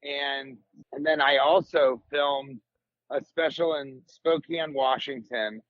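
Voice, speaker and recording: A man in his forties, a comedian guest on a podcast, telling rambling stories in casual chat and jumping into high comic voices when quoting people. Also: takes it slowly, no room sound, muffled recording. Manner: rambling, animated storyteller, jumps into high comic voices for quotes.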